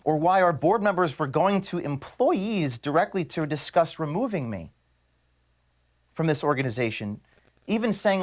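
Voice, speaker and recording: A man, the founder of an organization, reading an earnest, measured video statement to his staff from his office. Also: fairly high pitch, expressive. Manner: earnest, measured, grievance-laden. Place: office at headquarters.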